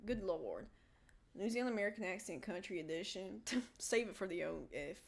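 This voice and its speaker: A woman streamer chatting with a friend in a loose, teasing way. She giggles often and plays along with jokes. Her voice sits at an average pitch for a woman. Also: expressive, moderate pace. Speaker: livestream host. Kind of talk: casual chat while gaming.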